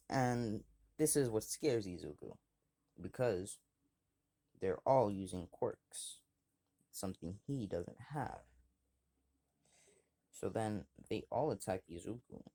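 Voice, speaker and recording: A man's voice: lowish voice, mellow. A man casually retelling a fan story, rambling with fillers and repeating himself.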